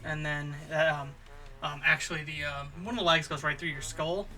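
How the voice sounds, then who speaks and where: A man's voice: on the high side, steady tone, normal speed, sharp tone. A man telling a rambling, improvised absurd story, stumbling through fillers and restarts. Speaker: comedy channel host.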